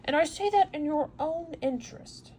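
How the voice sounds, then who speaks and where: A calm, commanding ship captain from a read-aloud storybook, put on by a woman reader. He speaks in a measured, assured way, in a fairly high voice. Faint hiss lies behind. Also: close to an everyday voice.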